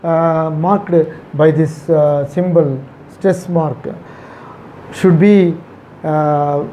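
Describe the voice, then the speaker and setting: A man with an Indian English accent teaching a poetry lesson, pausing often with "uh" and repeating words to drive a point home. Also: on the high side, fairly even intonation, dark tone, a little hiss or hum. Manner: halting, many "uh" fillers, repeats words for emphasis.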